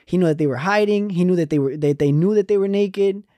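A young man co-hosting a casual faith podcast, telling Bible stories with lively acted-out quotes. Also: high-pitched, quick pace, no room sound. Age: young adult. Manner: animated storytelling with acted quotes. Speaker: podcast co-host.

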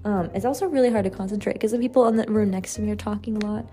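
A woman's voice: medium pitch, racing, mellow, soft background music. A young adult woman hosting a solo podcast, chatting candidly and rambling with lots of fillers and casual swearing. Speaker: podcast host.

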